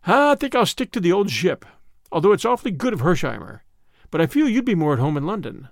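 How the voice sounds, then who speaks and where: A blunt young man, bossy and a touch sarcastic, fairly high and lively in pitch, as a male reader plays him. The audiobook is recorded in a close, dry space. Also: a little fast, no echo.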